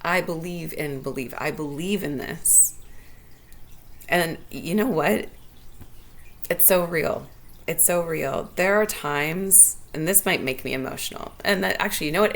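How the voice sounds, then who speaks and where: Solo host, woman, deep voice, earnest and heartfelt, unscripted musing. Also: measured pace. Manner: earnest, heartfelt, thinking aloud. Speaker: podcast host. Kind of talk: solo reflective monologue.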